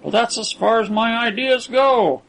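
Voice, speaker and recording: A man voicing a cold, scornful wealthy captor who talks down to his prisoners in a cool, measured way. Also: extremely high pitch, animated, gravelly, a bit bright, pitched above the performer's own voice, exaggerated voice, rough recording. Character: cold, scornful rich man holding captives.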